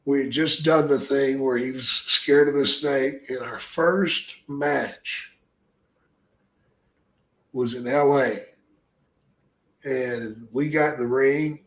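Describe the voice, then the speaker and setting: A man, a retired pro wrestler, telling gruff, profanity-laced stories in casual podcast chat. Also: medium pitch, slow, long pauses, roomy sound. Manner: gruff, profane, rambling anecdotes.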